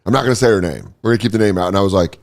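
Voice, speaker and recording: A man's voice: fairly low pitch, racing, creaky. A man in his thirties, a comedian telling a story in casual chat, acting out quotes and laughing as he goes. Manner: animated, acts out quotes, laughs mid-story.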